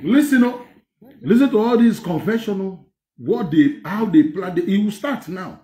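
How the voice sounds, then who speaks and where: High, lively Nigerian man mocking. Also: moderate pace, reverberant. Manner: excited, mocking, laughs often, mixes Pidgin with English. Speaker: commentator reacting to clips. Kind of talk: animated political commentary.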